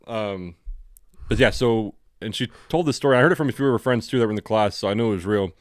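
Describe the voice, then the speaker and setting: A man from California with a General American accent, co-hosting a podcast in a relaxed, profane, rambling way. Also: on the low side, fast, no room sound, clean studio sound. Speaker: podcast co-host. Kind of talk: casual chat.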